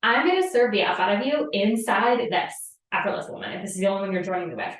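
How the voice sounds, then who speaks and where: A woman's voice: mid-range voice, animated, fast. Casual, cursing woman coaching from afar. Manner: casual, profane, filler-heavy with frequent "like". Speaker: podcast host and manifestation coach. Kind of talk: live spiritual coaching talk. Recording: echoey room, distant from the mic.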